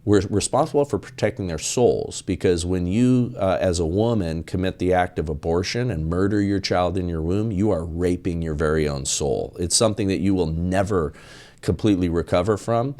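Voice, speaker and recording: A man's voice: sits low, normal speed, dark tone. A man talking as a podcast guest in an emphatic, preachy way, hammering his points with repetition. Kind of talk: podcast interview.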